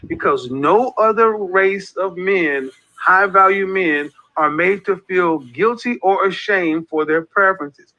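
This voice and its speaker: A man's voice: high-pitched, takes it slowly, few pauses, bright, forceful tone. A man giving an impassioned, preachy monologue as an online group leader, repeating his points with emphasis. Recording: dull lo-fi audio.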